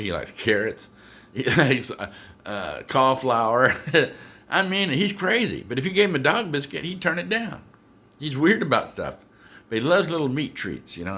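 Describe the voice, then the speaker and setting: A man telling casual stories to the camera at home about his dog, animated and chuckling as he goes. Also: medium pitch. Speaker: dog owner.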